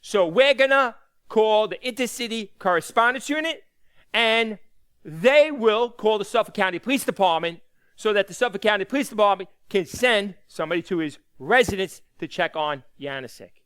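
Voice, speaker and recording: High, smooth-voiced male instructor. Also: expressive, normal speed, fairly bright tone. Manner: conversational, asks the class rhetorical questions; repeats and stresses key points. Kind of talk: lecture.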